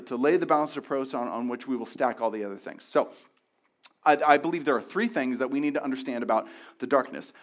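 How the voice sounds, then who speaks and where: Man, pastor, candid sermon, somewhat high voice, halting, restarts phrases. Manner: candid and halting, with frequent restarts and repeated words.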